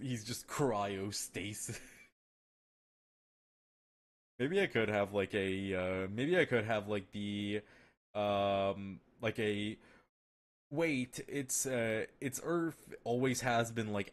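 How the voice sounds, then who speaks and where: A man's voice: on the low side, slow. A man chatting casually on a live stream, rambling and swearing, full of fillers and restarts and laughing at his own jokes.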